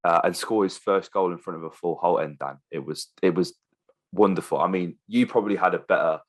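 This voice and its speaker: Deep-voiced, chummy male podcast host. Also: fairly quick. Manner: enthusiastic, chummy, says mate and bro. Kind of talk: casual football podcast chat.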